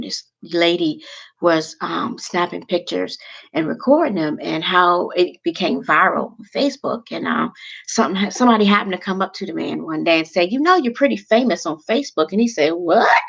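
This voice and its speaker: A woman's voice: on the low side, vocal fry, fairly bright tone, husky, dull audio. A woman vlogger chatting casually and emotionally to her viewers, rambling from one thing to the next.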